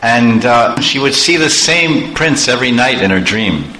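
A man preaching in an animated storytelling way, chuckling often. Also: medium pitch, a little slow. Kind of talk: storytelling sermon. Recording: echoey room, faint background noise.

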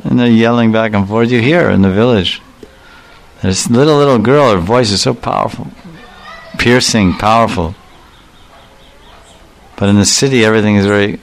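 A man's voice: lowish voice, steady tone, moderate pace, clean tone, rough recording. A man giving a devotional sermon, explaining verses and animatedly acting out the voices of the figures he describes. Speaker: religious speaker.

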